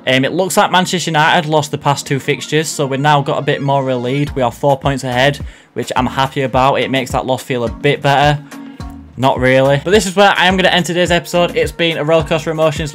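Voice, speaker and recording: A young man talks over his football game as he plays, swinging between excitement and self-mockery. His voice sits a touch high, and soft game music hums behind him. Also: fast. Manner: excitable, self-mocking, reacts loudly to play. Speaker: gaming YouTuber. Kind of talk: live gameplay commentary.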